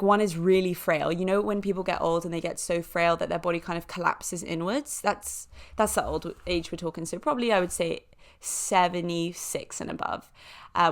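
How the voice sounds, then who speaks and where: A woman hosting a podcast, telling a story in a chatty, animated way with lots of fillers and small impressions of other people. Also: on the low side, vocal fry. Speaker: podcast host. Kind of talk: casual storytelling.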